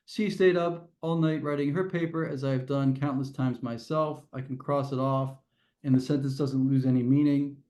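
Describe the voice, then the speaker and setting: A man's voice: medium pitch, fairly even intonation, moderate pace, mellow, muffled recording. A man teaching a test prep grammar lesson to a class, explaining step by step and often restarting his phrases.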